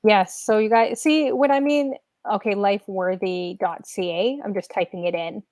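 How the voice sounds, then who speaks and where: A woman's voice: medium pitch, normal speed, a little mellow, dry recording, studio quality. Emotional, rambling woman livestream host. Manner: emotional, gushing, rambling with many fillers. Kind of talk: casual livestream chat.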